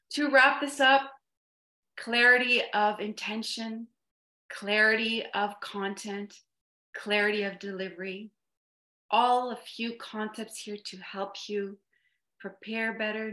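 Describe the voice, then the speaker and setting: Measured woman coaching over a video call. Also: medium pitch, pushed and bright, roomy sound. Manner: deliberate, slows down and stresses key words. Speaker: presentation coach. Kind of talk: online workshop talk.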